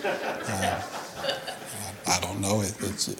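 A man's voice: low voice, flat delivery, drawn-out words, very noisy. A man from Alabama with a Southern accent, a missionary telling a church about his work in a folksy, conversational way with frequent fillers. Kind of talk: church presentation with Q&A.

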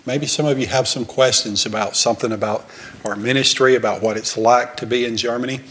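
A man's voice: mid-range voice, steady tone, a little fast, a bit bright, a little hiss or hum. A man from Alabama with a Southern accent, a missionary telling a church about his work in a folksy, conversational way with frequent fillers. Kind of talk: church presentation with Q&A.

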